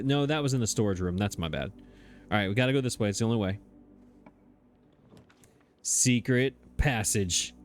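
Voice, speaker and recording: Chatty man thinking aloud over a game. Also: medium pitch. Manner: thinks aloud, hesitant, chuckles at himself. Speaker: let's play host. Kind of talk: casual gameplay commentary. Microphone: desk microphone.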